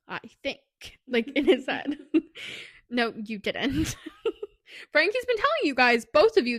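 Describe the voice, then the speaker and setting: A chatty woman with a slightly high voice recaps a book for her co-host. She rambles, drops "like" into nearly every phrase, and slips into quick snippets of the characters' dialogue. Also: fairly bright tone, no echo, studio quality. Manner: rambling retelling full of "like", acting out quotes. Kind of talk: casual book recap chat.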